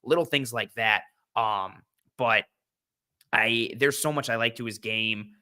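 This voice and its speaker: A man's voice: mid-range voice, measured pace, sharp tone. A young man hosting a casual football draft discussion, rambling with fillers and restarts. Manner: rambling, lots of fillers and restarts, hums to himself while thinking. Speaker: podcast host. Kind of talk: casual draft-analysis chat.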